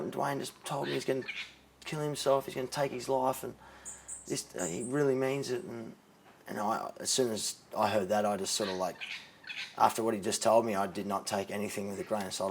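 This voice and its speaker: A young Australian man telling a personal story in an interview, halting and often dropping quiet. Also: on the low side, a little hiss or hum, rough recording. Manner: halting, many restarts, drops to quiet when moved. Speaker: interviewee, charity co-founder.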